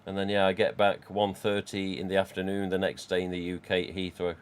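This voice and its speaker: A man's voice: low voice, monotone, a little fast, clean tone. A man, casually chatting and rambling on a live stream from home. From England. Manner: rambling, chatty, reads out chat.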